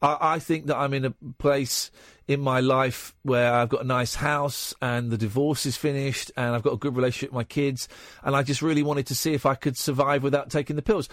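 A man in his forties hosting a late-night phone-in, talking casually with halting restarts. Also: mid-range voice, steady tone, fairly bright tone, no room sound, clean studio sound. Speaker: radio phone-in host. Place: radio studio. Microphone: studio mic.

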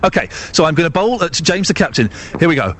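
A man hosting a live outdoor radio segment, excitable and jokey. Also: on the high side, fast talker, slight background noise. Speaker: radio host. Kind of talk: live outside broadcast chat.

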